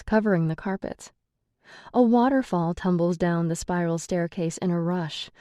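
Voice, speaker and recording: A woman reading a first-person audiobook narration in a slow, measured way. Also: fairly low pitch, mellow, no room sound, clean studio sound.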